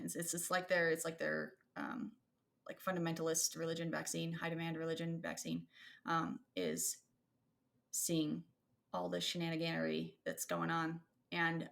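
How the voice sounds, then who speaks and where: Woman, thirties, podcast co-host, casual chat, low pitch, gravelly fry, rambling. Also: a bit bright. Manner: rambling, thoughtful, many fillers and restarts.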